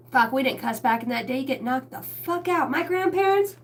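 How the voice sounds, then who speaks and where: High-voiced woman, cussing and laughing. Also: a bit bright. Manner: laughing, profane, storytelling with quick asides. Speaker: spiritual reader and vlogger. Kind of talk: rambling casual monologue to camera. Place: basement room lit by a ring light.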